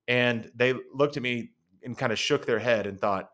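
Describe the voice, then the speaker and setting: A man's voice: medium pitch, normal speed, a bit bright. A middle-aged man hosting a podcast, telling a personal story in a conversational, rambling way with asides. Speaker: podcast host.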